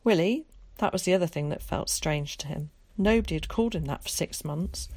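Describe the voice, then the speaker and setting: A woman narrating a storybook in a calm, measured way. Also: lowish voice, dry recording. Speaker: audiobook narrator.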